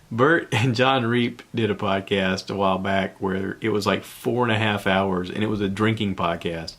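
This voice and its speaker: A man's voice: lowish voice, a bit bright. A man, hosting a casual solo podcast from home in a rambling, easygoing way with frequent chuckles. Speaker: podcast host.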